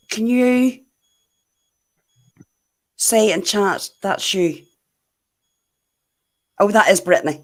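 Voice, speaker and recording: A woman's voice: medium pitch, expressive, very slow, pauses often. A woman hosting a livestream, friendly and supportive in casual chat.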